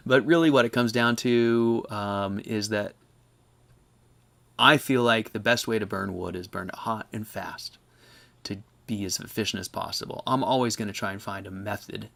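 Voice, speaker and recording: A man with a low, gravelly voice hosts a casual live chat. He explains things at length, restarting his sentences and circling back as he thinks aloud. His manner is relaxed and conversational. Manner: rambling, self-correcting, explanatory. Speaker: host of a live stove chat. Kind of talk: casual live-stream chat answering questions.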